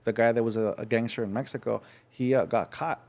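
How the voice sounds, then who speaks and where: Young adult man from Los Angeles, podcast guest, frank halting storyteller. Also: mid-range voice, fairly even intonation, a little mellow. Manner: frank, halting, acts out voices in his story. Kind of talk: casual storytelling.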